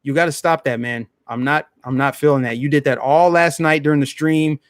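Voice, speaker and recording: A man's voice: on the high side, fairly even intonation, brisk, no echo, studio quality. A man hosting a live stream, ranting bluntly in casual commentary and talking straight to his chat.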